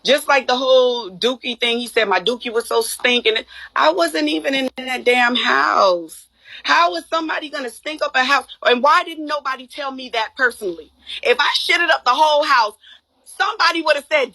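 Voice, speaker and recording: A woman's voice: sits high, normal speed, gravelly, bright, forceful tone. A woman on a livestream telling her side of a feud, blunt and profane, acting out what others said. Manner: blunt, profane, acts out quotes. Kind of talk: heated casual livestream talk.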